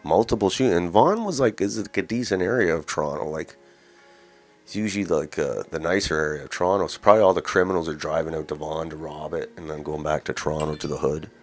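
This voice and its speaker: Deep-voiced blunt male commentator. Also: fast talker, faint music behind. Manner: blunt, rambling, mocking. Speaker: host of a daily news commentary show. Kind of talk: casual opinion commentary.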